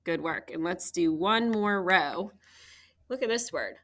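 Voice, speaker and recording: A woman's voice: on the low side, lively intonation, a little slow, a bit bright. A woman teacher patiently walking young students through a phonics worksheet, step by step. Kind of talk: phonics lesson walkthrough.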